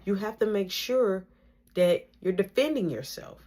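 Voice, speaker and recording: A woman voicing a patient male martial arts instructor who coaches in a calm, soft-spoken way. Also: medium pitch, a little slow, lightly acted. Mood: calm coaching.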